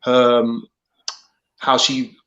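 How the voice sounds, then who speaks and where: A man chatting casually as a podcast guest, speaking hesitantly with pauses and restarts. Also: medium pitch, completely flat delivery, a bit bright, dull audio. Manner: hesitant, many fillers and restarts. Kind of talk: casual chat.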